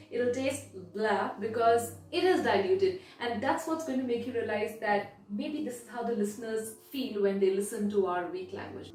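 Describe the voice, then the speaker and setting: A woman speaking coach giving a measured, deliberate video lesson, stressing key words. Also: fairly high pitch, darkish tone. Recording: very echoey room, voice from far off.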